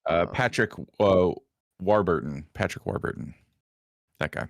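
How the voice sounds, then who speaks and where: A man co-hosting a casual podcast chat, talking haltingly with many pauses. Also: low voice, gravelly, dry recording, clean studio sound. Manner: halting, many fillers and restarts. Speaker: podcast co-host.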